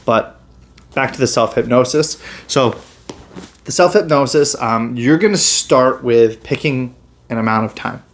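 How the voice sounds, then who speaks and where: A man's voice: mid-range voice, measured pace. Chill guy walking you through breathing exercises, kinda rambly with ums, normal mid voice. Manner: relaxed, full of fillers and restarts. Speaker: chiropractor. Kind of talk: casual health instruction.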